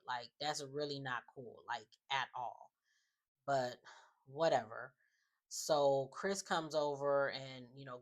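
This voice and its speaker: A woman giving a casual, opinionated recap of a reality show, chatting loosely with many fillers. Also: very deep voice. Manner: chatty, opinionated, often says "just like" and "um".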